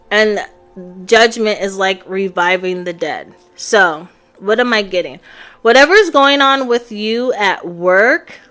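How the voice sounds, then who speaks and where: A woman's voice: mid-range voice, expressive, takes it slowly, pauses often, fairly bright tone, soft background music. A woman giving a live-stream tarot reading, chatting casually and talking straight to her viewers. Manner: chatty, addresses viewers directly. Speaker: tarot reader. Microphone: phone on a live stream.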